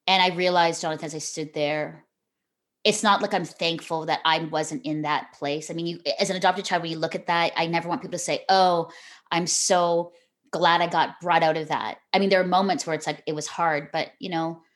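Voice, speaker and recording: A woman's voice: low-pitched, steady tone, a little fast. A middle-aged woman, a television host speaking as a podcast guest, telling a personal story earnestly and from the heart, with frequent restarts. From Canada.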